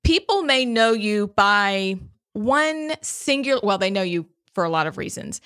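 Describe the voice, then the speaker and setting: A woman's voice: medium pitch, lively intonation, fairly bright tone. A middle-aged woman with a Southern accent hosting a podcast in a chatty, friendly way. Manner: chatty, friendly, quick to laugh along. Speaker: podcast host. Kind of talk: casual chat.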